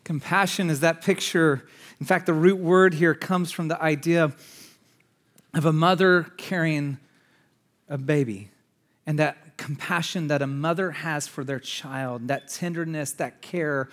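A man preaching a sermon to a congregation in an energetic, conversational way, swinging between loud outbursts and hushed asides. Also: fairly high pitch, measured pace. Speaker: pastor. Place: church in front of a congregation.

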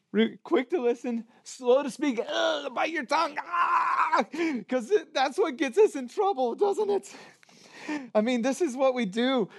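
A man preaching a sermon as pastor, animated and emphatic, using rhetorical questions and sudden bursts of emphasis. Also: high-pitched.

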